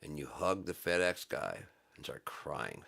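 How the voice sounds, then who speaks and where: A middle-aged man giving a casual religious monologue, reading scripture slowly and riffing on it in blunt, profane everyday talk. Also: very deep voice, big pitch swings, vocal fry, fairly bright tone. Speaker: religious commentator.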